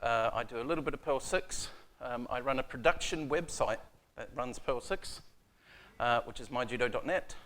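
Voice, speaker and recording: A man's voice: medium pitch, moderate pace, a bit bright. New man giving a casual tech talk. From New Zealand. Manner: casual, self-deprecating, many ums and uhs. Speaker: conference speaker. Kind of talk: technical conference talk. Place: conference room.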